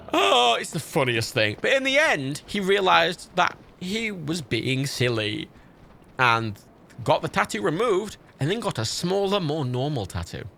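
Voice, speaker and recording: Lively man chatting while gaming. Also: a little high, a little slow, creaky, slight background noise. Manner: rambling, swearing, laughing storyteller. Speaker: livestream gamer. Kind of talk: casual gaming stream chat.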